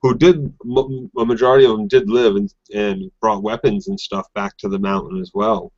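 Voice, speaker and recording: A man co-hosting a casual TV recap podcast, chatty and quick to laugh. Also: on the low side, steady tone, darkish tone, dry recording. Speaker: podcast co-host. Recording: dry, dull lo-fi audio.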